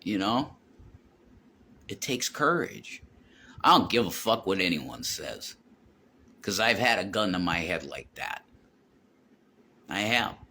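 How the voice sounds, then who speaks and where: A man's voice: low voice, big pitch swings, unhurried, pauses often, sharp tone, slight background noise. A middle-aged man rambling to his viewers, telling a personal story in a heated, profane way with constant swearing. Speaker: vlogger.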